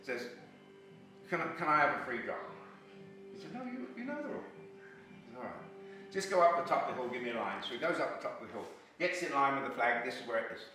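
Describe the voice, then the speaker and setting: A man doing stand-up, telling joke after joke in a chatty way and jumping higher in pitch to act out the people in them. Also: bright, forceful tone. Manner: chatty, filler-heavy, pitches up to act out quoted lines. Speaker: stand-up comedian. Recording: echoey room, mic at a distance.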